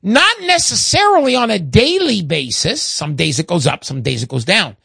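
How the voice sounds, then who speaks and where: An older man hosts a call-in radio show in a high, lively voice that swoops up and down as he talks. He is chatty and keeps tripping over his own fillers. The sound is dry and close, with no room around it. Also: moderate pace, gravelly, slightly rough, no room sound. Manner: animated, chatty, self-interrupting with fillers.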